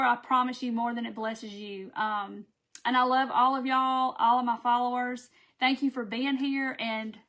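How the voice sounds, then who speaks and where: Chatty high-voiced woman. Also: a bit bright. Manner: chatty and affectionate, reads viewer names aloud. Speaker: craft seller hosting a live video. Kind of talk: casual live-stream chat.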